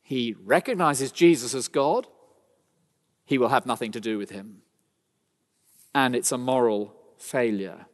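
A man preaching a sermon, emphatic and rhetorical, with dramatic pauses. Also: medium pitch. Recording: long hall reverb.

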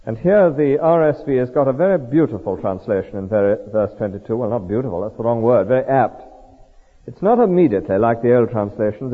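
Husky-voiced preacher in an echoing hall. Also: male voice, medium pitch. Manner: lively, explanatory, reads verses aloud and comments on them. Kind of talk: expository sermon on scripture. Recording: tinny lo-fi recording in a reverberant hall.

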